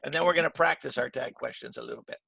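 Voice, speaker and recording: A man's voice: mid-range voice, wildly swooping pitch, very fast, creaky, sharp tone, slightly rough. A middle-aged man teaching an online English grammar class over a video call, checking in with the students often. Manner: patient, checks in with "right?" often.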